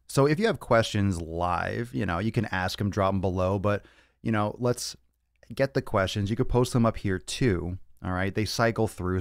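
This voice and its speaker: A man's voice: lowish voice, clear, resonant tone, no echo. A young man hosting a fitness podcast livestream Q&A, brash and profane, joking as he answers viewer questions from his home studio. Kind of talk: casual livestream Q&A. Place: home studio with monitors and cameras.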